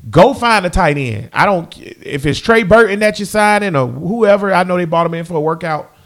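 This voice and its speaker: A high-voiced young man breaks down his team's offense in a casual fan rant. He keeps circling back to the same phrases and talks directly to the people watching. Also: normal speed. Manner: animated, repeats phrases, talks straight to viewers. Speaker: sports fan commentator.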